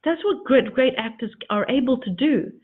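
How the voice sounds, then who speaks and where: A woman giving a motivational teaching talk as a coach, with expressive emphasis and repeated words for effect. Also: sits high, moderate pace. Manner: addresses listeners as darlings. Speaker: spiritual coach. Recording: tinny phone-like audio.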